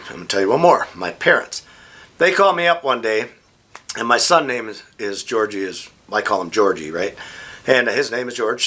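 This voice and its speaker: A middle-aged man telling rambling, animated stories in a casual vlog. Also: a little high. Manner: rambling, animated anecdotes with frequent restarts. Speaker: vlogger. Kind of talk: casual storytelling.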